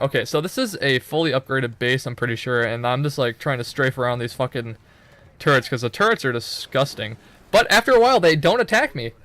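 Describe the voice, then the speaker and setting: A man's voice: mid-range voice, a bit bright, no room sound. A young man giving loose, profane, rambling commentary over his own gameplay footage, full of joking asides.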